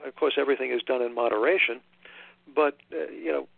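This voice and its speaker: An older man from Long Island, an author being interviewed, talking in a halting way with many restarts and fillers. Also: medium pitch, gravelly. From Long Island, New York. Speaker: author guest. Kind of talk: casual interview chat. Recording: tinny phone line.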